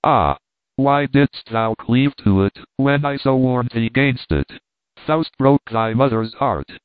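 A man's voice: mid-range voice, slow, clear, resonant tone, no room sound, lightly acted. A man voicing a distraught poor mother who implores and pleads, with a tinny phone-like sound. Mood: pleading.

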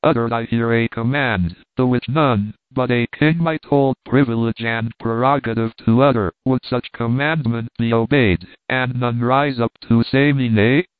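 A man's voice: mid-range voice, steady tone, unhurried, hardly any pauses, clean tone, dry recording, lightly acted. A man reading as an earnest boy king. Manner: earnest, commanding, archaic speech. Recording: dry tinny phone-like sound.

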